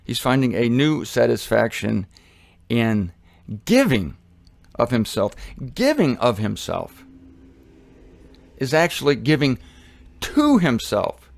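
Animated conversational man preaching. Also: medium pitch, slow, creaky, pauses often, no room sound. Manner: animated, conversational, acts out quotes. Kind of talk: sermon.

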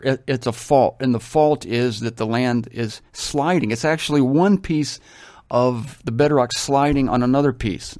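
A man's voice: medium pitch, darkish tone, dry recording, studio quality. Older man reading and commenting on scripture. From Ohio, USA. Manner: enthusiastic, storytelling, exclaims often. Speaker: Bible reader and commentator.

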